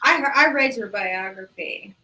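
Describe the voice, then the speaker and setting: Woman co-host reading listener questions, bright voice, a bit high, casual chat. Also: expressive, poor audio. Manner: brisk, reads questions aloud. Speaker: podcast co-host.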